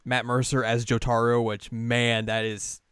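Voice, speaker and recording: A man co-hosting a podcast, explaining things in a laid-back, halting way full of fillers. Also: mid-range voice, completely flat delivery, fairly bright tone, clear, resonant tone, no echo, clean studio sound. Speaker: podcast co-host. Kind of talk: casual chat.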